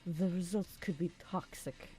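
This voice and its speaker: Low, flat-voiced bragging chef , read by a woman for a game playthrough. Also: normal speed, faint music behind, lightly acted, poor audio. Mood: wary. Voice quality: flat monotone. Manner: grandiose boasting.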